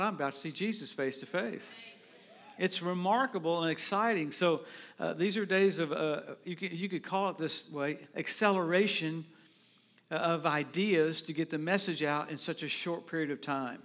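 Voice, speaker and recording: A middle-aged man preaching a sermon. His voice sits on the high side for a man. He is excitable and laughs often, and at times he breaks into loud shouts. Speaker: pastor.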